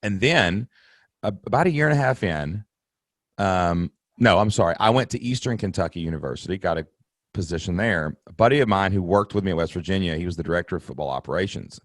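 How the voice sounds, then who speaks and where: A man's voice: low-pitched, lively intonation, quick pace, dry recording, studio quality. A man hosting a podcast, telling a story in casual chat with many restarts and an easy, rambling manner. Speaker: podcast host.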